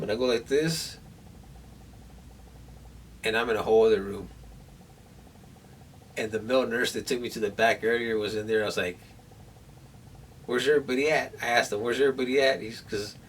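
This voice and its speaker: A man's voice: medium pitch, a bit bright. A man vlogging at home after surgery, telling a rambling story to the camera with many restarts, sore and in pain. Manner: rambling, nervous retelling with restarts. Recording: distant camera mic, faint room noise.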